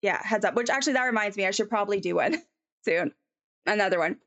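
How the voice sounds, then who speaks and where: A woman's voice: medium pitch, animated, quick pace, fairly bright tone. A woman chatting casually on a live stream as she draws, rambling with many ums and answering chat.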